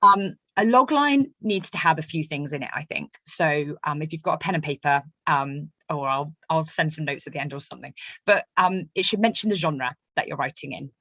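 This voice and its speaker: A woman, a novelist, teaching a writing workshop in a quick, chatty way with many fillers. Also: sits low, sharp tone, no room sound, dull audio. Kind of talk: online workshop talk.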